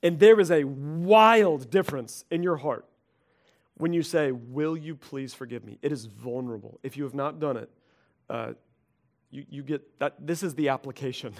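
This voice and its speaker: A middle-aged male pastor preaching a conversational sermon, animated and acting out quoted voices. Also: a little high, normal speed.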